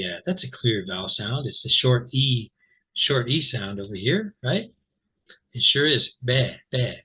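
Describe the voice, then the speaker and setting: Explaining pronunciation to learners, a husky-voiced man from Central California keeps things casual, dropping plenty of ums and uhs. He says words over slowly as examples, his mid-range voice captured on a rough recording.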